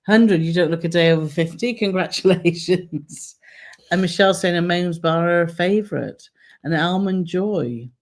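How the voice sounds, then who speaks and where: A woman's voice: lowish voice, measured pace. A woman co-hosting a travel live stream, chatting casually and reading out viewer comments with frequent laughter. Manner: chatty, laughs often, reads comments aloud.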